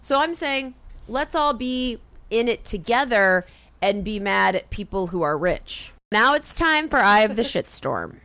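A woman co-hosting a casual comedy podcast, ranting with lots of swearing and quick asides. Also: mid-range voice, very animated, fairly bright tone, smooth, no echo. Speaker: podcast co-host.

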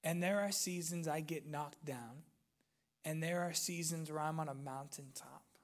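A male pastor preaching a sermon, retelling a movie with lively swings from loud, excited peaks to hushed, near-whispered moments. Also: a little high, measured pace.

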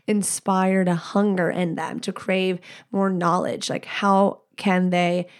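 A woman's voice: lowish voice, slow pace, clear, resonant tone. A woman hosting a podcast alone, talking candidly and rambling, swearing freely and acting out what other people say. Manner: candid, rambling, profane, quotes people in animated voices. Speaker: podcast host. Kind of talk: casual solo podcast talk.

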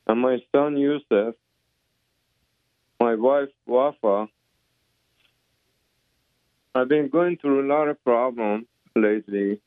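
A man's voice: mid-range voice, takes it slowly, pauses often, smooth, no echo. A man who came from abroad calling in to a radio show by phone, emotional, earnest and hesitant. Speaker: caller. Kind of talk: phone call-in. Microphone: telephone. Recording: narrow telephone line.

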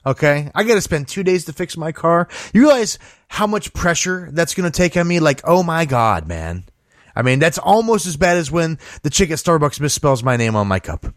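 A man's voice: on the high side, sing-song, moderate pace, dry recording, clean studio sound. A man hosting a show, giving casual comedic news commentary in a sarcastic, profane, storytelling way. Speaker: show host.

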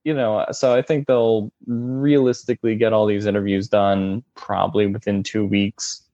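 A man co-hosting a casual sports podcast, talking in halting phrases full of fillers and restarts. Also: lowish voice, little pitch movement, dark tone, no room sound. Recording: dull, muffled dry audio.

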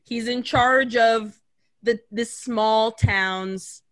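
A woman's voice: fairly high pitch, very slow. A woman co-hosting a podcast, recapping a film in casual chat, acting out lines and swearing freely. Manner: animated storytelling, acts out characters' lines; swears casually, laughs often. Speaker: podcast co-host.

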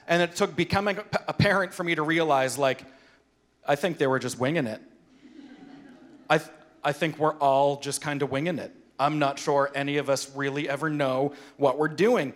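A man, a pastor preaching a sermon, telling personal stories in an animated, self-deprecating way. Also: a little high.

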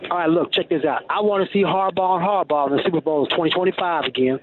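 A man, a truck driver, calling in to sports radio with a lively, teasing, colloquial manner. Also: a little high, fast. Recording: tinny phone line with faint noise.

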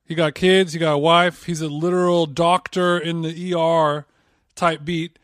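A man with a fairly high voice trades jokes with his co-host in loose podcast banter, often wandering off into long tangents. The sound is close and dry, with no room around it. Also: level tone, moderate pace, no room sound. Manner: joking, rambling tangents. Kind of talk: casual banter.

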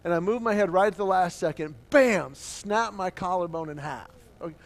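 Brief: male pastor, high-pitched, animated storytelling sermon with acted-out voices. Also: normal speed.

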